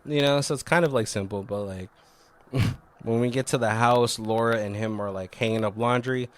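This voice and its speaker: A man's voice: mid-range voice, moderate pace. A man on a podcast casually recapping a film's plot, rambling with lots of "like" and frequent swearing. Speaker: podcast co-host. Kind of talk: casual movie recap chat.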